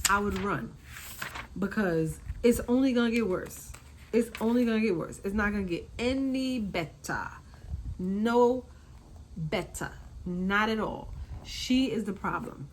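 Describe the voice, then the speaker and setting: A woman hosting a casual recap, talking in an animated way, repeating her points and acting out quotes. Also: mid-range voice, slight background noise, low-quality recording. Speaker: reality TV recap host.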